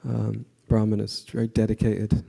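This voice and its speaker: A man giving a conversational devotional class to a temple audience, often asking the audience questions and pausing with fillers. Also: lowish voice, gravelly, husky. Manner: frequent fillers and restarts, relaxed.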